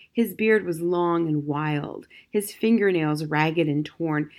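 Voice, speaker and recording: Gentle woman reading a storybook aloud. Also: on the low side. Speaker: audiobook narrator. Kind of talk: scripted storybook narration.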